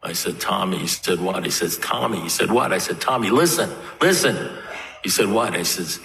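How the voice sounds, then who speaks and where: A man's voice: deep voice, brisk, creaky, bright, forceful tone, recorded from a distance. A middle-aged man giving an earnest recovery talk in a meeting hall, telling stories and acting out the dialogue. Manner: earnest storytelling, acts out dialogue. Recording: echoey hall, faint noise.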